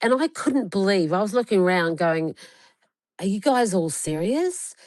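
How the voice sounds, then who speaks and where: A woman's voice: medium pitch, lively intonation, moderate pace, a little mellow, no echo. A woman in her forties, talking in a casual chat, telling stories emphatically and swearing heavily. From Australia. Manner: heavily profane, emphatic storytelling.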